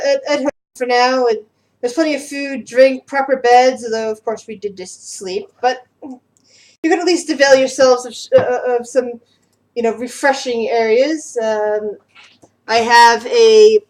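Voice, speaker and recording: A woman's voice: a little high, natural voice, poor audio. A woman voicing a fussy, polite male mage who stammers and hesitates as he plays host.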